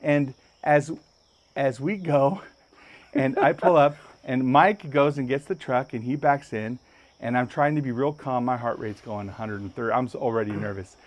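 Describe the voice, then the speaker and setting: A man hosting a podcast, telling a story with lots of energy and jumping up high when he acts out other people's lines. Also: moderate pace. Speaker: podcast host. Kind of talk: animated storytelling. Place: podcast studio.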